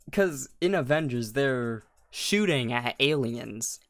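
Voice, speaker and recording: A man's voice: medium pitch, unhurried, no echo. Young man rambling on a dry mic. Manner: rambling, restarts, slangy, animated when incredulous. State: voice cracking. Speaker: podcast co-host. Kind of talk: casual chat.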